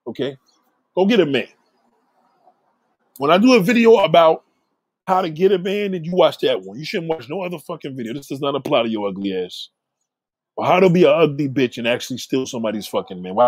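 A man hosting a livestream, ranting profanely and repetitively at a viewer in chat and giving shout-outs to supporters. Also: mid-range voice, no room sound. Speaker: livestream host reading chat. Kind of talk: casual livestream rant.

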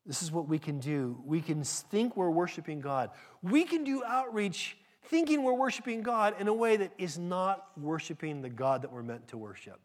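Emphatic higher-voiced male preacher. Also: animated, normal speed, hardly any pauses. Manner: emphatic, addresses the congregation directly; swings from loud emphasis to hushed asides. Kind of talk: sermon.

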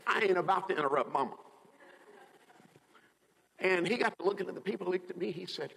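Animated pastor guy telling a story, high bright voice, echoey church hall. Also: brisk, creaky, pauses often, husky. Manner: animated storyteller, acts out quotes. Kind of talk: sermon storytelling.

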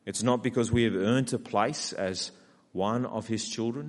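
A man with an Australian accent preaching a sermon, acting out a sulky character's complaints in a lively way. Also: lowish voice, measured pace. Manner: animated, acts out Jonah's whiny complaints. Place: church hall. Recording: long hall reverb.

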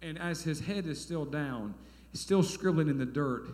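A man, preaching a sermon as a pastor in folksy storytelling style, dropping to quiet asides and rising to loud, emphatic bursts. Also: fairly high pitch, very animated, takes it slowly, hardly any pauses. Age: 30s. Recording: echoey hall.

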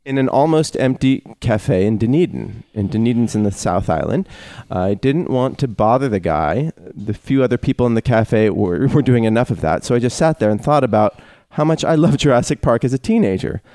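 A man in his thirties hosting a casual podcast chat, reading listener mail in a relaxed way. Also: mid-range voice, brisk, hardly any pauses, no echo. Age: 30s. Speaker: podcast host.

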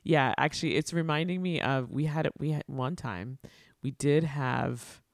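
An interviewer in theater education chats casually over a video call, affirming often and trailing into restarts. The voice is gravelly with fry and sits at a middle pitch. The sound is dry, with no room echo. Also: a little slow.

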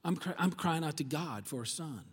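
A man speaking as a grieving woman who pleads with God for a son, soft and pleading, in a sermon retelling. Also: fairly high pitch, expressive, a little fast, slightly rough, in a large hall.

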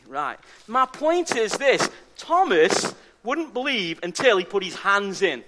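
A man's voice: sits high, big pitch swings, slow, noisy background. A man preaching a sermon as pastor, emphatic and fond of repeating key phrases for stress. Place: church service.

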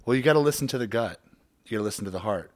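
A man's voice: medium pitch, animated, rapid-fire. A man appearing as a podcast guest, talking as a performance coach in an earnest, motivational way. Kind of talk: casual podcast chat.

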